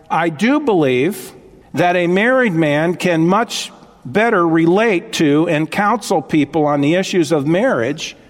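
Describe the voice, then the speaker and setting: Male pastor, high voice, emphatic sermon delivery with repeated phrases, long hall reverb. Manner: emphatic, repeats key phrases, asks listeners to follow along.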